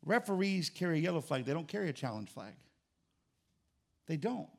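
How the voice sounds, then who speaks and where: A man's voice: fairly high pitch, big pitch swings, a little fast, creaky. A man pastor preaching a sermon, emphatic and jokey, with rising exclamations.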